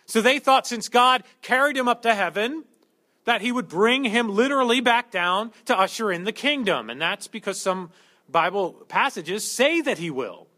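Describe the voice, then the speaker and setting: A man's voice: high voice, lively intonation, normal speed, sharp tone. A man preaching a conversational sermon, working through a Bible passage verse by verse with humorous everyday asides. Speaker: pastor.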